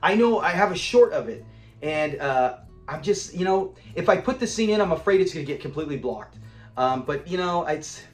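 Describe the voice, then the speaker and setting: A man casually reviewing a classic sitcom episode, animated and laughing often as he acts out scenes. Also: on the high side, normal speed, roomy sound, faint music behind. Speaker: show reviewer.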